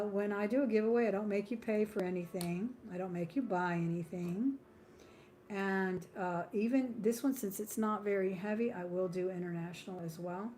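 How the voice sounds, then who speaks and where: Mellow-voiced woman selling jewelry live. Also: mid-range voice, a little hiss or hum. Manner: chatty and friendly, drifting into small talk and laughing often. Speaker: live-stream jewelry seller and host. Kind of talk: live-stream sales patter.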